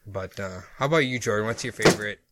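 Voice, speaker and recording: A man's voice: fairly low pitch, fast talker, heavy background noise. A young man from Iowa co-hosting a casual podcast chat, rambling and laughing often. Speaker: podcast co-host.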